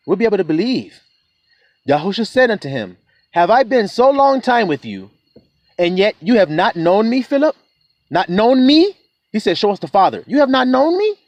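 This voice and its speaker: A man preaching in a lively voice that swings up and down as he talks. He reads scripture slowly and stops again and again to ask his flock whether they follow. The recording is dry and close. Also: high-pitched, no room sound. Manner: preachy, keeps asking "see?", slows to a drawl on verses. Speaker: self-styled preacher. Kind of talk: sermon reading scripture with commentary.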